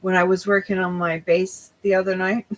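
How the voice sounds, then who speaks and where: A woman's voice: on the low side, flat delivery, normal speed, rough recording. A young woman hosting a crochet livestream, chatting casually with viewers and often losing her train of thought.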